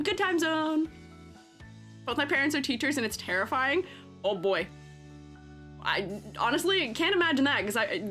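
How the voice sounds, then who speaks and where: A woman with a fairly high, slightly bright voice chats casually on a live stream, rambling with plenty of fillers and giggling often. She is a streamer who also teaches art.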